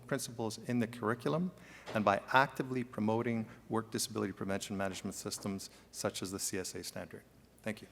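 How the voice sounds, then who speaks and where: Male panelist, measured scripted delivery, low gravelly voice, hall reverb. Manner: measured, read-out listing. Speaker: conference panelist. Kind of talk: prepared speech. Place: large conference room.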